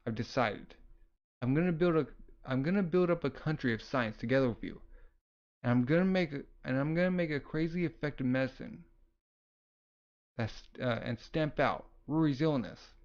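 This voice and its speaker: A man reading the lines of an excitable, emotional young boy from a comic, in a near-plain voice. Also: medium pitch, moderate pace, muffled recording, lightly acted. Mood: worked up.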